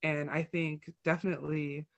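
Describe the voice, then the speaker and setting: A podcast co-host summing up a segment in casual chat, speaking in a measured, reflective way with fillers. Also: medium pitch, flat delivery, gravelly, no echo.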